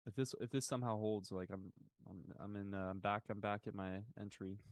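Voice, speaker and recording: A man's voice: lowish voice, steady tone, fairly quick, no echo. A young man co-hosting a live trading stream, chatting laid-back and giving market commentary, often trailing off. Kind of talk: casual chat and market commentary.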